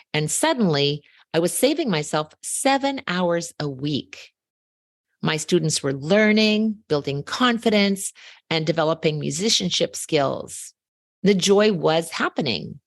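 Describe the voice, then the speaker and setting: A woman's voice: on the low side, no room sound. A woman hosting a podcast in a scripted monologue, telling a story with emphasis and rhetorical questions into a close mic. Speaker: podcast host.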